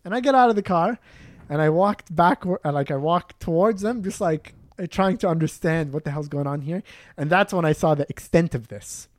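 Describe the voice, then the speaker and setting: A man's voice: fairly high pitch, normal speed, no room sound. A young Palestinian man telling a story in casual chat, acting out voices, swearing and laughing often.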